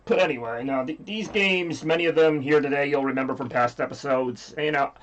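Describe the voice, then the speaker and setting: A man's voice: fairly high pitch, a little fast, a bit bright, muffled recording. A man with a scratchy voice hosting a livestream, rambling casually and joking with chat. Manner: rambly, jokey, reads chat aloud. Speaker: livestream host.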